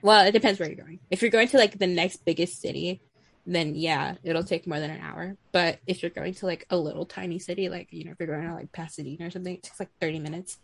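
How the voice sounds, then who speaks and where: A woman's voice: lowish voice, steady tone, fast talker, gravelly, breathy edge, no room sound. Rambling, swearing young woman. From Houston, Texas. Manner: rambling, profane, chatty. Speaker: podcast co-host. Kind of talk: casual chat.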